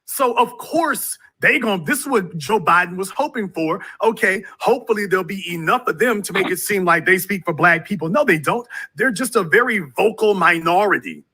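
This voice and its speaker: A man hosts a call-in talk show with a high, very bright and cutting voice. He preaches his points with force and hammers lines home by repeating them. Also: animated, moderate pace, few pauses, husky. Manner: forceful, repetitive preaching delivery.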